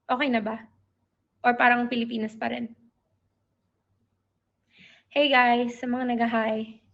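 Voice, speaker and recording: A woman's voice: fairly high pitch, little pitch movement, a little slow, lo-fi sound. A woman with a Filipino accent hosting a casual livestream, talking emotionally to her viewers and mixing English with Tagalog. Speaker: livestream host.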